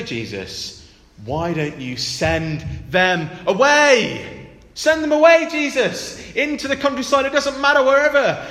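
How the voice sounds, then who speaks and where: A preacher doing a gang of exasperated disciples, whining in a voice pushed far up into a squeaky register and swinging wildly in tone. They sound sarcastic and incredulous, and the words echo around a long, ringing church hall. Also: male voice, fairly bright tone, full character voice. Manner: sarcastic, incredulous, high-pitched complaining. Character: exasperated grumbling male disciples.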